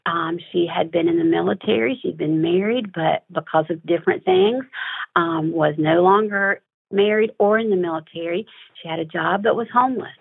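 Earnest, emotional woman guest; gravelly, heard over a tinny phone line. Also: fairly low pitch. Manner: earnest, emotional, halting with fillers. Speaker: pregnancy center director. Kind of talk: recounting a story in an interview.

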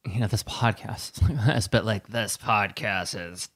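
A man co-hosting a podcast, chatting casually and telling rambling, animated stories. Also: lowish voice, normal speed. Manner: rambling, animated storytelling with voiced impressions. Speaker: podcast co-host. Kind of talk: casual chat.

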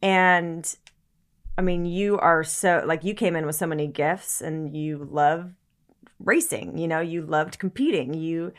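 A woman's voice: low-pitched, fairly even intonation, unhurried. Earnest woman searching for words. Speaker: guest. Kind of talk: casual conversation.

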